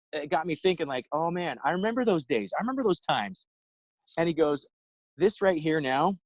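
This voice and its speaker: A man giving an inspirational talk over a video call, telling a story in an animated way and acting out the quotes. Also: a little high, no echo, low-quality recording. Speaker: inspirational speaker.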